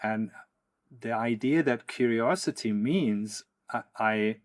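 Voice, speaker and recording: A man from the Netherlands hosting an interview as a coach, speaking in a measured, reflective way. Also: mid-range voice. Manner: measured, reflective, frequent hums of agreement. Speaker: podcast host, coach. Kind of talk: conversational interview.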